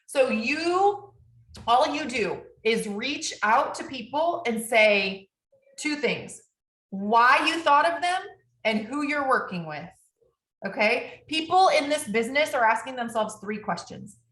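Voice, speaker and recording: A woman's voice: high-pitched, takes it slowly. Upbeat woman coaching in an echoey room. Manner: upbeat, energetic, ends points with tag questions. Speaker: business team trainer. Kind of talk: coaching talk to a team.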